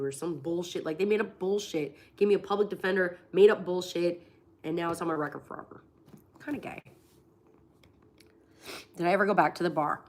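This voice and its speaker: With a lowish, darkish voice, she talks a little fast and pauses often. This livestream host, a woman in her forties from Florida with a cold, delivers blunt, profane stories in casual fashion, acting out what people told her.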